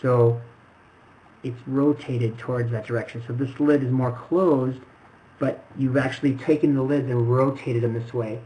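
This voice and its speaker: A man gives an animation critique in a patient, explanatory way, thinking aloud and demonstrating points. His pitch sits in an ordinary middle range, with a faint ambient hiss behind him. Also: fairly even intonation, moderate pace, warm tone, low-quality recording. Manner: explanatory, demonstrating, talks through ideas with restarts. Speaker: animation mentor. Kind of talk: film critique lesson.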